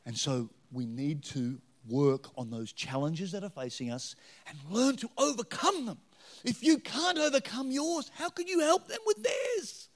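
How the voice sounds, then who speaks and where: A middle-aged man with an Australian accent preaching a story-filled sermon, swinging between loud punches and hushed asides. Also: high-pitched, animated, a little slow. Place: church with live band. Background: faint music from a band.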